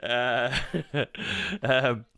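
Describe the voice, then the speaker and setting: Rambling Mancunian man, smooth voice. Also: mid-range voice, flat delivery, extremely slow, pushed and bright, no echo, studio quality. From Manchester, England. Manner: rambling, jokey, sweary. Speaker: fan channel host. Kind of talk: casual live-stream chat.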